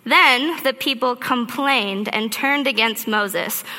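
Woman preacher, bright ringing voice, fairly high, long church-hall echo. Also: slow pace. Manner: animated storytelling, acts out her own thoughts. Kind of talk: sermon. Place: church auditorium. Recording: reverberant hall.

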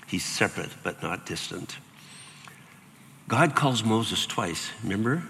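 A man's voice: measured pace, a little hiss or hum. Older male pastor preaching in a reverberant hall. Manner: animated, acts out quoted voices with big jumps in pitch. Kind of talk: sermon.

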